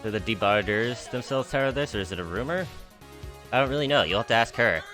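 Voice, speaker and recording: Over background music, a man with a medium-pitched, animated voice speaks fast as he streams a game live. He jokes while reading the game's dialogue aloud, laughing a lot and swearing freely between lines.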